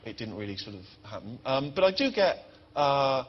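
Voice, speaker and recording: A man's voice: mid-range voice, sing-song, moderate pace. A man telling a rambling, self-deprecating story as a talk show guest, full of fillers. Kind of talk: chat show anecdote. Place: TV studio with live audience. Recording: muffled TV broadcast with audience noise.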